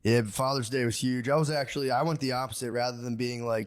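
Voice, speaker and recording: A man's voice: steady tone, fast talker, few pauses. Profane, rambling man in casual chat. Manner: rambling, profane, swings into loud, high, laughing impressions of himself. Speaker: podcast co-host.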